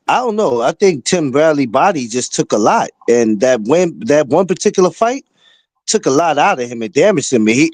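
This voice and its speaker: A man co-hosting a podcast in casual boxing chat, unhurried and often breaking into laughter. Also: on the high side, a little mellow, dry recording. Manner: unhurried, laughs a lot, trails off mid-thought. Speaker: podcast co-host.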